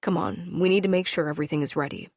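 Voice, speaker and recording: A woman voicing a gruff brooding wolf-shifter alpha man. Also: fast talker, darkish tone, dry recording, clean studio sound. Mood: grim. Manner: curt, low and grim.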